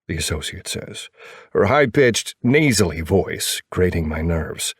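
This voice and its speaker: A man narrating a first-person romance audiobook in a low, brooding, wry voice. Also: expressive, a little slow, slightly rough, no echo, clean studio sound.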